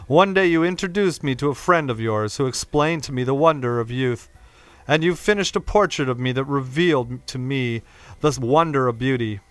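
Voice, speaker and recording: A man reading aloud, voicing a vain young man who speaks in a measured, brooding way. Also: medium pitch, clear, resonant tone, no room sound, lightly acted.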